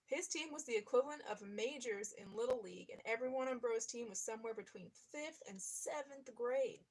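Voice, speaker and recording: A woman's voice: fairly high pitch, brisk, darkish tone, slightly rough. Woman reading a memoir aloud. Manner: reads steadily, breaks off to comment and laugh. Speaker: reader.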